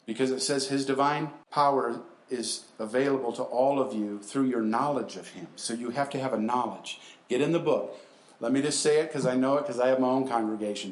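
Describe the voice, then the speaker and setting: Male preacher, animated, quotes scripture in acted voices, echoey church hall. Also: mid-range voice. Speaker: guest preacher. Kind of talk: sermon. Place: church sanctuary.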